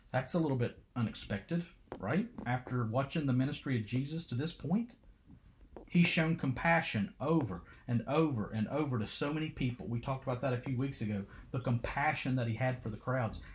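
A man preaches a sermon at an everyday mid pitch. He delivers it dramatically and keeps asking rhetorical questions. His pitch swings up and down with emphasis.

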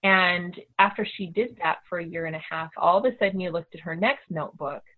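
A middle-aged homeschooling mother telling a story in a casual, animated way, acting out the voices of the people she quotes. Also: lowish voice, fairly quick. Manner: animated, acts out quoted dialogue. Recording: tinny phone-like audio.

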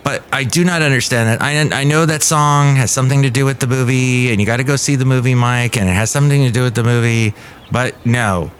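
A man hosting a casual solo podcast, commenting on music news in a rambling, opinionated way and reading quotes with lively swings. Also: medium pitch, fairly quick, slight background noise. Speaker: podcast host.

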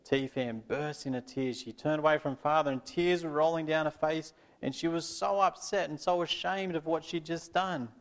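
Man, children's story reader, fairly high voice, gentle, closing prayer. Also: steady tone, normal speed, hardly any pauses.

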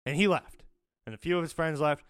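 A man's voice: on the high side, fairly quick, clean tone. A man telling a profane story in casual podcast chat, laughing through the punchlines.

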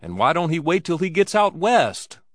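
A man's voice: mid-range voice, sing-song, measured pace, fairly bright tone, no echo. A man voicing a sulky young man who complains in a raised voice. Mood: complaining.

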